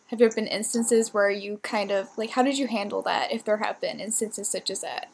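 A woman's voice: a little high, steady tone, moderate pace. A woman hosting a podcast, affirming her guest and asking long, winding questions. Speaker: podcast host. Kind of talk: podcast interview.

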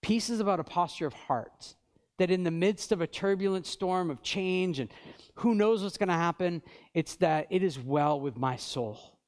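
High-voiced earnest male pastor preaching. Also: normal speed. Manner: earnest, builds to fervent peaks then drops quiet; reads scripture aloud with emphasis. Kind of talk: sermon.

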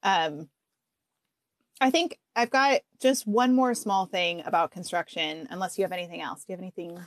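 A young woman co-hosting a podcast in casual chat, chatty and quick to laugh. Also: on the low side, no room sound, clean studio sound. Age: young adult. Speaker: podcast co-host.

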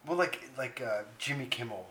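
A man's voice: mid-range voice, lively intonation, moderate pace, pushed and bright, a little hiss or hum. A man from Canada co-hosting a casual comedy chat, rambling and laughing easily. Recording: echoey room.

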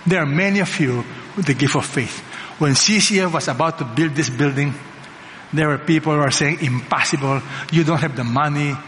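A man preaches a sermon in a large church hall, his slightly high voice carrying a long reverb. He drives each point home with emphatic repetition and rhetorical questions to the congregation. A faint background hum sits under the room. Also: a bit bright. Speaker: pastor.

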